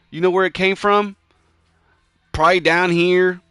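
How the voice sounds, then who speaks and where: A man's voice: sits high, a little slow, clean tone, dry recording, studio quality, soft background music. A young man streaming a game, chatting casually with friends, ranting with heavy swearing and lots of "bro" and "dude.". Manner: jumps to loud excited yelps in tense moments. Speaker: gamer streaming his play. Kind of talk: casual gaming chat with friends.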